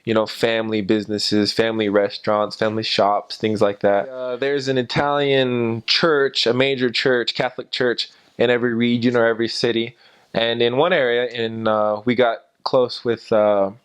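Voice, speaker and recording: A young man casually telling stories about his time as a missionary, rambling with many pauses and fillers. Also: fairly low pitch, smooth. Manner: rambling, frequent "uh" and "and so". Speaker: former missionary. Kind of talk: casual storytelling.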